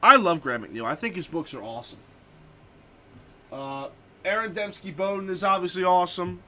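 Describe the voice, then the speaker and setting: A man's voice: sits high, normal speed, sharp tone. A young man streaming a game and chatting casually, ranting and swearing freely about books he has read. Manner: profane, ranting. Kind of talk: casual gaming stream chat.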